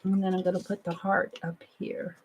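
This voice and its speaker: A woman hosting an art journaling stream, chatting casually to herself and viewers as she paints, with soft murmured asides. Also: fairly low pitch, little pitch movement, moderate pace, gravelly, muffled recording, slight background noise. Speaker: art journaling livestream host. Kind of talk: casual crafting narration.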